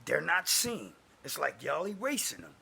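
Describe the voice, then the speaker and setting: A man delivering an angry, preachy religious rant to camera, cursing and swinging between booming declarations and muttered asides. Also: wildly swooping pitch, moderate pace, gravelly, bright, forceful tone, slightly rough. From United States. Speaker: self-styled prophet posting online videos.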